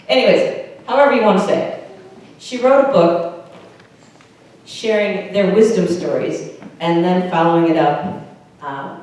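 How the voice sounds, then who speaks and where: A woman's voice: medium pitch, a little mellow. A woman pastor from the United States preaching a sermon in a conversational way, with questions to the congregation. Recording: echoey church heard from a distance.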